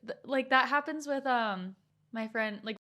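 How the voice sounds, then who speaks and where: A woman's voice: a little high, unhurried, bright, forceful tone. A young American woman co-hosting a casual podcast chat, full of "like" fillers and easy laughter. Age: young adult. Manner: chatty, lots of "like" fillers, laughs as she talks. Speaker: podcast co-host, daughter.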